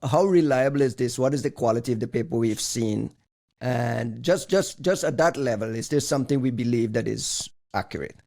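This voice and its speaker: A man's voice: mid-range voice, moderate pace, vocal fry, darkish tone. A man hosting a security podcast in casual chat, laughing easily as he steers the topics. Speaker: podcast host.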